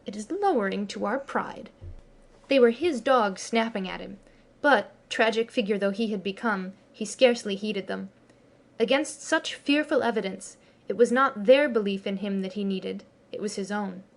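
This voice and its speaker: A woman narrating a classic children's story as an audiobook reader, with expressive storytelling. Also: medium pitch, moderate pace. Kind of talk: scripted narration.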